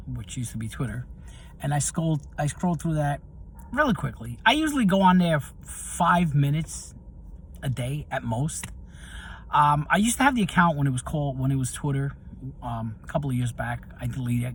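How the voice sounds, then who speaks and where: At a normal speed and medium pitch, a middle-aged man talks casually to camera, telling personal stories as a video host. There's slight background noise. The storytelling turns animated and heated when he gets to what angered him.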